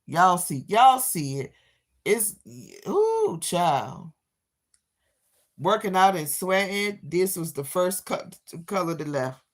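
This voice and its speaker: Slow-talking, low-voiced woman livestreamer. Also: very animated. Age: middle-aged. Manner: chatty, reads and answers viewer comments; drawling Southern-style exclamations like "child" and "Lordy days". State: tired, stuffy sinuses. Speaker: livestream host. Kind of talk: casual live chat.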